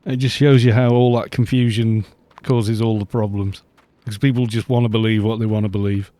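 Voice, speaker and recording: A man's voice: on the low side, flat delivery, a little fast, warm tone. A middle-aged man chatting casually and rambling on a live game stream, laughing often.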